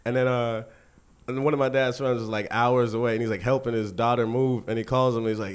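A young man in a casual chat, relaxed and rambling, laughing at his own stories. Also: medium pitch, quick pace, clean tone. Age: young adult.

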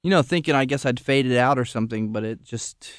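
A man's voice: medium pitch, fast talker, clear, resonant tone, no echo, clean studio sound. A man, a musician guest on a podcast, talking in a laid-back, rambling way, full of filler words. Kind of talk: casual interview chat.

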